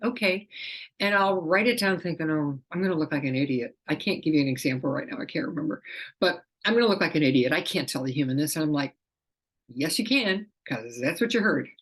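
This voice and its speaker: Woman, middle-aged, slightly low voice, chatty explainer, acts out quotes. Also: quick pace. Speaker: animal communicator and teacher. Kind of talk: casual explanation to camera.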